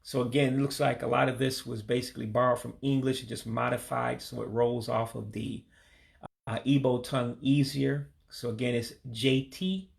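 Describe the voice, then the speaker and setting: A man from Michigan, casually walking through a vocabulary lesson and repeating each word slowly, with frequent ums and uhs. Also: mid-range voice, gravelly. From Michigan, USA. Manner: repeats words slowly, hesitant with many fillers. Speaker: language learner teaching vocabulary.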